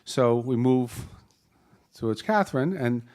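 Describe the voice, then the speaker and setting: A man's voice: mid-range voice, lively intonation, a little slow, a little mellow. A man with a Boston accent moderating a live panel, joking and rambling through introductions with many restarts, speaking into a handheld mic in a conference hall.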